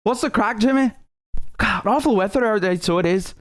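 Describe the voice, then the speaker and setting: A man's voice: sits high, brisk, pitched above the performer's own voice, close to an everyday voice. A man putting on a chatty Belfast local. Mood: mocking. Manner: mocking, folksy banter.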